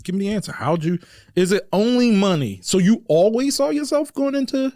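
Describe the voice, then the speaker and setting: A man's voice: high voice, no echo, clean studio sound. A man, hosting a car podcast in casual, slangy chat and laughing often. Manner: animated, quick to laugh, slangy. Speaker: podcast host.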